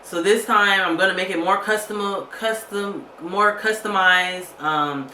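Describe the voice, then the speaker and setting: A woman's voice: mid-range voice, measured pace, pushed and bright, roomy sound, slight background noise. A woman vlogger telling a story casually, angry and fed up, retelling a phone call with lots of quoted back-and-forth.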